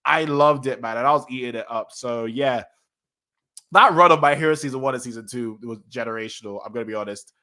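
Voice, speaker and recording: A man's voice: medium pitch, a little fast. Guy rambling on stream about anime, gets all hyped, keeps correcting himself. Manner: rambling, excitable, self-correcting. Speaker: manga reaction streamer. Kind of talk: casual live-stream talk.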